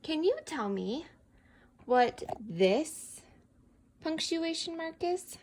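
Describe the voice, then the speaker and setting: A woman's voice: high-pitched, big pitch swings, drawn-out words, background noise. A woman teacher giving a patient, encouraging one-on-one reading lesson to a child.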